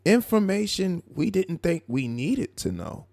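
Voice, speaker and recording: A man hosting a live stream, commenting on a clip in a mocking, animated way. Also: high voice, gravelly, no echo. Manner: mocking, animated, drawn-out asides. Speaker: live show host.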